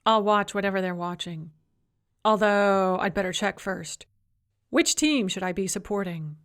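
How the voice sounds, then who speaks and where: A woman's voice: mid-range voice, a little slow, a bit bright, close to an everyday voice. A woman narrating an audiobook, voicing a polite young man with a mild, dry, reserved manner. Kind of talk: audiobook character voice.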